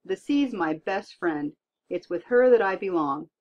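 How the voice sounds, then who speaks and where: A woman's voice: on the low side, expressive, unhurried, darkish tone. A woman voicing a huge young giant sailor boy in plain folksy talk. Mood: earnest. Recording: dull lo-fi recording.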